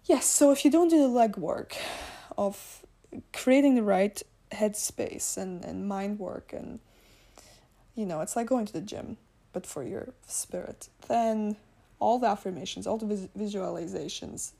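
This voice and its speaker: Chatty woman podcast host, english not her first language, gravelly voice, laughs a lot, tired. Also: mid-range voice, lively intonation, a little slow, mellow. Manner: chatty, rambling, laughs often, self-corrects. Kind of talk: casual spiritual podcast monologue.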